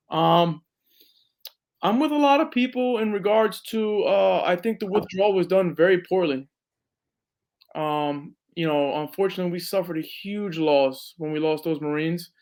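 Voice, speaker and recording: A veteran who is also a police officer speaks earnestly as a podcast guest in casual interview talk, using lots of fillers. His voice is on the high side and a little mellow.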